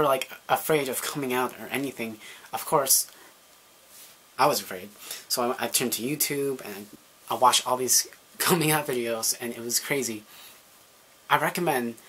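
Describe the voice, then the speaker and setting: A young male vlogger tells a personal story to camera in a bright, forceful, slightly rough mid-range voice, at normal speed with frequent pauses. He's casual and chatty, filling his talk with fillers and acting out quotes.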